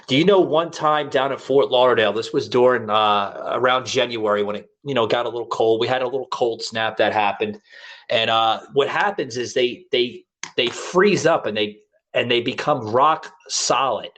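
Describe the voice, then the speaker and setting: A male podcast host in a relaxed chat who spins out a long anecdote. He keeps stopping and restarting, padding his talk with fillers. His voice sits at an ordinary middle pitch. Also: moderate pace. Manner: rambling, animated storyteller with many fillers and restarts. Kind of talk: casual storytelling chat.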